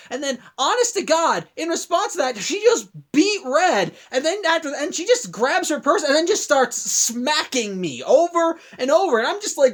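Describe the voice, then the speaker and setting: A man's voice: very high voice, very animated, moderate pace, few pauses. A man in his twenties tells a long story in vlog style, rambling, with many restarts and asides. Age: 20s. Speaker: vlogger.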